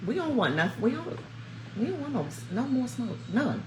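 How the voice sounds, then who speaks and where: A woman in her fifties, hosting a vlog from home and chatting to viewers in a chatty, animated storytelling way. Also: fairly high pitch, normal speed, noisy background. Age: 50s. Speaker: vlog host. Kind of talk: casual chat to viewers. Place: at home, snowed in. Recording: roomy echo.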